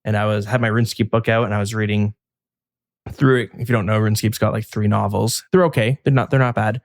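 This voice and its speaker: A man's voice: fairly low pitch, steady tone, fast, no echo, studio quality. A man co-hosting a podcast in casual chat, rambling and restarting his sentences as he tells stories. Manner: rambling, chatty, frequent restarts and fillers. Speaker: podcast co-host.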